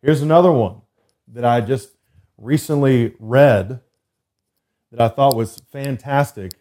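A man hosting a faith podcast, talking loosely and earnestly and slowing down to read scripture with emphasis, recorded at a desk setup. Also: medium pitch, mellow. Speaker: podcast host. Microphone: computer desk setup.

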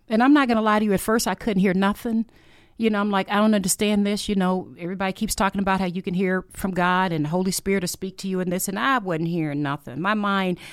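A woman's voice: medium pitch, dry recording, clean studio sound. A middle-aged woman hosting a faith podcast, telling her personal testimony in an earnest, emotional way. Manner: emotional, earnest, heartfelt storytelling. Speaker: podcast host.

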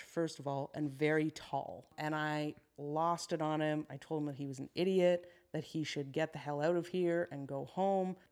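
A woman guest on a podcast, a construction business owner telling a work story in a frank, steady way with quick asides. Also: low voice. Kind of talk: candid conversational storytelling. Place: podcast studio.

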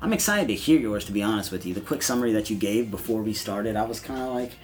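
A man co-hosting a casual podcast, upbeat and smooth as he reads the show's mission. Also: lowish voice, animated, quick pace, soft background music. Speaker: podcast co-host.

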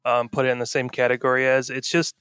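A man's voice: medium pitch, flat delivery, fast talker, fairly bright tone, smooth, no room sound, studio quality. A man with a young daughter chatting casually on a podcast, rambling with lots of fillers and restarts. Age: adult with a young daughter. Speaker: podcast co-host. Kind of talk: casual chat.

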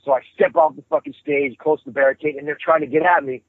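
Man with a husky voice on a tinny phone line. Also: fairly high pitch, fast talker, dry recording. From New York. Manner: profane, rambling, animated storyteller. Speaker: guest musician. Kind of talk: casual storytelling interview.

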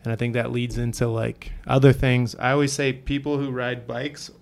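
Laid-back gravelly man, flat delivery. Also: mid-range voice, moderate pace. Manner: laid-back, rambling, lots of fillers. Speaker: cyclist sharing stories. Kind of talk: casual chat.

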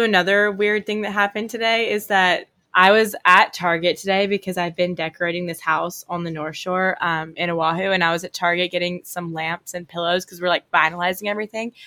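Chatty young woman with a low voice. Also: sharp tone. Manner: rambling storyteller, many fillers, often laughing. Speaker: podcast co-host. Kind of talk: casual chat. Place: Hawaii.

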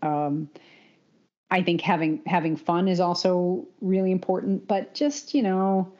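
A woman co-hosts a casual podcast, speaking in a somewhat low voice. She is an animated, opinionated running coach who laughs often. The audio is dull and lo-fi. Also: unhurried.

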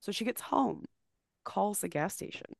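A woman's voice: medium pitch, a little slow, creaky, dry recording. Rambling, profane woman storyteller, dry sound. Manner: rambling, profane, animated retelling with restarts. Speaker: podcast co-host. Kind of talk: casual storytelling chat.

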